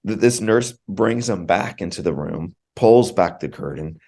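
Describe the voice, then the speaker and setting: Man, podcast guest with a very deep voice; earnest, heartfelt personal storyteller. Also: normal speed, a little mellow. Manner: earnest, heartfelt, repeats words for emphasis.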